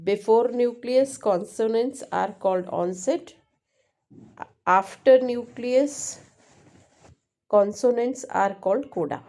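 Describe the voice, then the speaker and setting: A woman teaching linguistics, explaining exam answers slowly and repeating points, often checking with "right?". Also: fairly high pitch, mellow. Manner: slow, repetitive, keeps checking with "right?". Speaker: English teacher.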